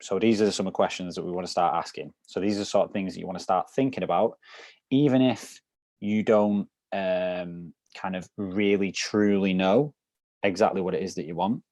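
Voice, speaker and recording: Deep-voiced man coaching casually. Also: fairly even intonation, moderate pace, darkish tone, no room sound. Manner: loose, explanatory, lots of "so" and "kind of". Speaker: wellness program coach. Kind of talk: casual group discussion.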